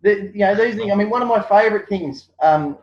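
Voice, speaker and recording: High-voiced man, lively talker. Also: a little fast. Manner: animated storyteller, acts out quotes, many fillers. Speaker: guest. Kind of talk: casual interview chat. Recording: dull lo-fi sound.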